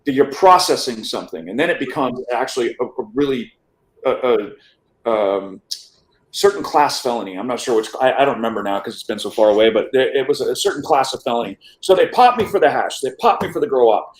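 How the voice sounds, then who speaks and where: A man tells a long personal story in a casual, lively way. He acts out what others said and trips over words now and then. His voice sits at a middle pitch and rings in a roomy, echoey space. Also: fairly quick. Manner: animated, acts out quotes, some stammered restarts. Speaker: interview guest.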